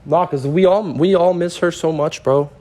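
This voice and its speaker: A man's voice: a little high, moderate pace, mellow, slight background noise. A young man with a Canadian accent, a podcast guest telling stories in loose, profane casual chat full of fillers. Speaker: guest, rapper.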